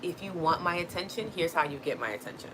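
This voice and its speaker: A woman's voice: on the low side, lively intonation, fast talker, noisy background. A woman hosting a livestream, talking earnestly and reassuringly to her viewers, often checking in with "right?". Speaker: host. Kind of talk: livestream motivational talk.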